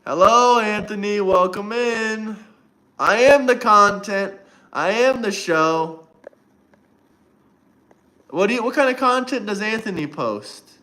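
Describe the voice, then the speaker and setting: In a high-pitched, bright and forceful voice, a livestream host teases his chat in a mocking, taunting way. He is animated but slow, leaving long pauses.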